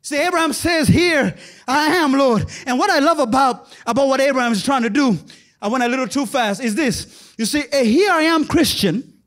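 The speaker is a pastor preaching in church, rising to shouted lines and then sinking into quiet, low passages.

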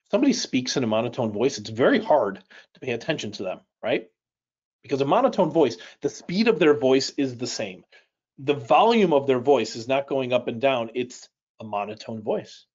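A man teaching a live speed reading session, often checking in with "right?", shifting his pace and loudness as he talks. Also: mid-range voice, husky, highs cut off. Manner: lively, varies pace and loudness, frequent "right?".

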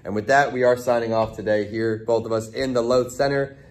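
A man's voice: medium pitch, steady tone, brisk. A man hosting a podcast interview, asking questions and closing the show with an upbeat promotional sign-off. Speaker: podcast host.

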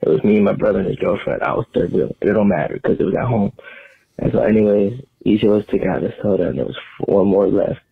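Gravelly man on a tinny voicemail. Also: fairly low pitch, fast talker, no room sound. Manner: rambling, self-mocking. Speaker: caller. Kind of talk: voicemail story.

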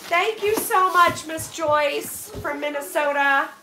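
Her voice sits high and she takes her time. A Pennsylvania-based vlogger, she unpacks boxes sent as donations and chats casually with viewers, full of emotional, overflowing gratitude, captured by a far-off mic in an echoey space.

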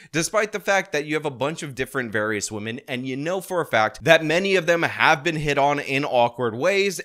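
A man's voice: mid-range voice, a bit bright. A man hosting a political opinion commentary, ranting in an indignant, sarcastic way.

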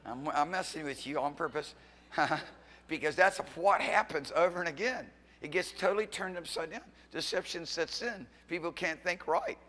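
A middle-aged man preaching as pastor in a church sanctuary, his fairly high voice ringing with a long reverb tail. He swings between loud, fiery exhortation and sudden hushed asides, pressing the congregation with teasing questions. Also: moderate pace.

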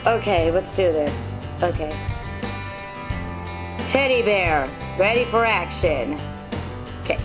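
A woman casually setting up a toy play video, talking in a low-key way. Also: lively intonation, slow, pauses often, music in the background.

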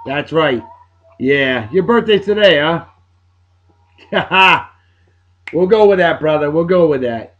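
A man, giving upbeat, jokey birthday shout-outs to friends in a casual video blog. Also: fairly high pitch, animated, slow pace, long pauses. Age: 40s. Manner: upbeat and jokey, lots of catchphrases. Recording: dull lo-fi sound with faint music.

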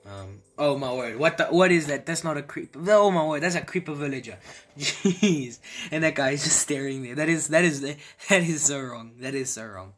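Excitable slightly husky man reacting. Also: on the high side, moderate pace. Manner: excitable, repeats exclamations, laughs often. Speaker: video creator reacting to images. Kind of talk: casual reaction commentary. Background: faint background music.

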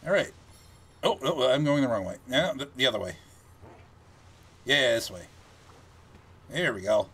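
A man giving casual gameplay commentary, chatty and thinking aloud as he plays, with animated reactions. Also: mid-range voice, a little slow, pauses often, breathy edge.

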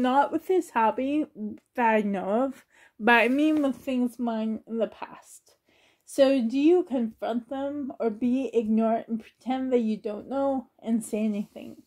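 Soft-spoken teary woman, slow and high. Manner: sensitive, fighting back tears, nervous laughs. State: near tears. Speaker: reborn doll collector and YouTuber. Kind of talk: casual vlog talk.

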